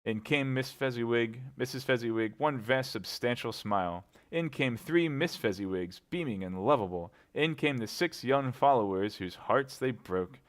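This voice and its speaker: A man reading a classic novel aloud in a relaxed, amused, animated way. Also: mid-range voice, moderate pace, few pauses. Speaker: reader.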